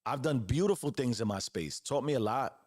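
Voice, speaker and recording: A man's voice: medium pitch, expressive, fairly quick, darkish tone, no echo, clean studio sound. A man in his forties giving an earnest motivational monologue as host, preaching with casual slang and repeated phrases. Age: 40s. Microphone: close podcast mic.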